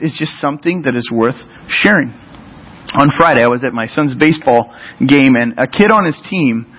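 Middle-aged pastor guy, chatty sermon, kinda high voice, muffled recording. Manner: conversational, storytelling, frequent restarts.

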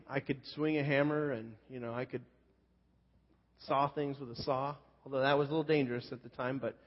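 A man preaching, with a voice pitched a touch high for a man. He tells a self-deprecating story in a relaxed, conversational way with plenty of fillers. The sound is somewhat dull and rings with a long hall reverb. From California Central Coast. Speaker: pastor. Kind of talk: sermon storytelling.

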